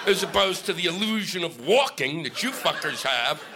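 A man's voice: a little high, animated, moderate pace, background noise. A male stand-up comic doing a profane, ranting set on stage into a microphone. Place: comedy stage with audience laughing.

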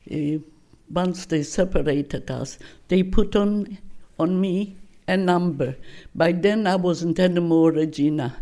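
Slow, gravelly older woman. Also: fairly low pitch, warm tone. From Poland. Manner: halting, restarts sentences, searches for words. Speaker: guest recounting her life. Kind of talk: oral history interview.

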